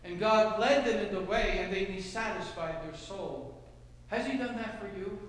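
A male pastor preaching a sermon, swinging from low, soft passages to loud shouted cries. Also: moderate pace. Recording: echoey hall with long reverb.

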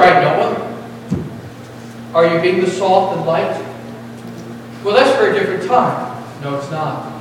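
A man preaching a sermon with a fairly high voice, leaning hard on repeated phrases for emphasis. He is recorded from a distance in a church sanctuary, with long ringing reverb and a faint hiss of room noise underneath. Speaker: pastor. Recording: echoey hall from far off.

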